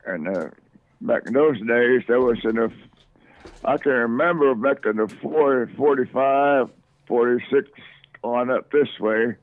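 An older man from Oklahoma is interviewed and recalls his childhood in a slow, plain way. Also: medium pitch, no echo. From Oklahoma, USA. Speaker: elder being interviewed. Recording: tinny dry phone line.

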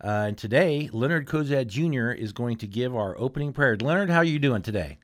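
A man hosts a local radio talk show in an easygoing, mid-pitched voice. He reads through a list of sponsors and chats with callers, stumbling into small restarts along the way. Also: animated, fairly quick. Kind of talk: casual radio hosting.

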